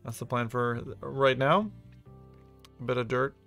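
Bright-voiced streamer. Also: male voice, medium pitch, measured pace, gravelly, faint music behind. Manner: excitable, swearing, laughing a lot. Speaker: VR gaming streamer. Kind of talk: casual live-stream commentary.

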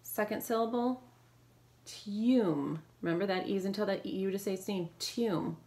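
A woman teacher leading a phonics lesson, calling out brisk drill prompts and giving quick praise. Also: mid-range voice, warm tone.

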